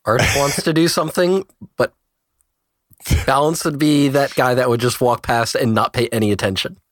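A man talking as a player in a tabletop game, quick and wry. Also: medium pitch, steady tone, dry recording, studio quality.

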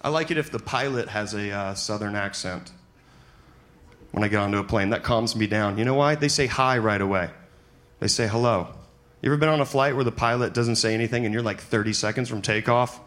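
A male stand-up comedian doing his set on stage in front of a live audience, talking in an animated way and swinging into loud, exaggerated voices. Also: on the low side, brisk. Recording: noisy live stage recording.

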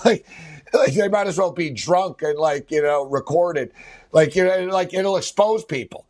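A man's voice: a little high, moderate pace, darkish tone. Rambling man co-hosting sports talk. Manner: rambling, filler-heavy, laughs often. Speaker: sports podcast co-host.

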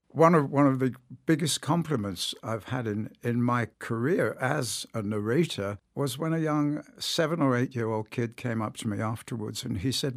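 A man who narrates audiobooks, talking in an interview as an enthusiastic, animated storyteller. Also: medium pitch, no echo, studio quality. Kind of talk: interview conversation.

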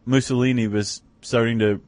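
A man's voice: medium pitch, fairly even intonation, normal speed, a little mellow, no room sound. A man co-hosting a podcast in casual conversation, chatty and wry, often restarting his sentences with fillers. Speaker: podcast co-host.

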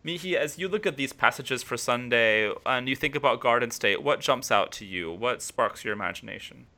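A man's voice: mid-range voice, animated, normal speed, sharp tone. A man hosting a podcast, introducing segments and setting up questions in an organized way. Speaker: podcast host.

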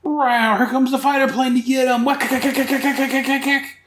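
A man voicing a peppy, sassy female clown sidekick in a shrill, cartoonish falsetto. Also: steady tone, normal speed, fairly bright tone, roomy sound, a little hiss or hum. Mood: excited.

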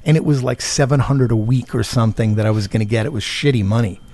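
A man's voice: mid-range voice, quick pace, a little mellow. A man, a guest comedian and impressionist, telling stories in a chatty, sometimes profane way on a podcast. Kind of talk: casual podcast chat.

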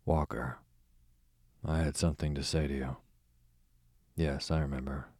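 A man voicing a sardonic, smooth-voiced duke. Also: a bass voice, flat delivery, a little slow, darkish tone, no room sound, studio quality, full character voice. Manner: smooth, drawling, sarcastic. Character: sardonic languid aristocratic male duke. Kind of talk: audiobook character voice.

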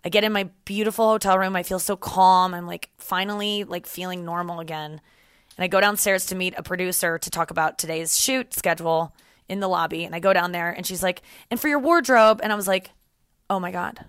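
A woman's voice: fairly low pitch, fairly quick, smooth, no room sound, studio quality. A woman in her thirties hosting a podcast, telling a story casually and acting out the voices of others. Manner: animated, acts out quoted voices. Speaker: podcast host.

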